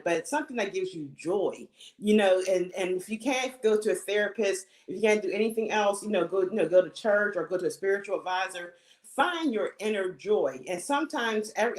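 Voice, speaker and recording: Earnest middle-aged woman giving advice. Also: medium pitch. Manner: earnest, advising, frequent "you know". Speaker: panelist mother. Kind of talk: casual panel conversation. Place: home, video call. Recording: echoey room.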